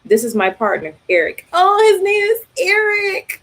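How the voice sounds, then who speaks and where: A woman puts on an earnest male recruiter from a comic book. She pitches him well above her usual voice and makes him urgent and pleading. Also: very animated, brisk, a little mellow.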